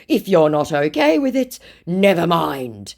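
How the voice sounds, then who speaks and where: A woman's voice: fairly low pitch, measured pace, vocal fry, pitched above the performer's own voice, heavily acted. A woman voicing a clingy, pleading male online scammer, whining and repeating himself as she reads his chat messages aloud. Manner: whiny, repeating "calm down, okay".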